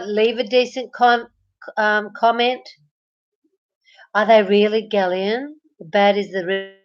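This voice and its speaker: Speaking in a mid-range voice over lo-fi sound, an Australian woman hosts a casual late-night live stream from her bed. She greets the people watching and reads their comments out loud.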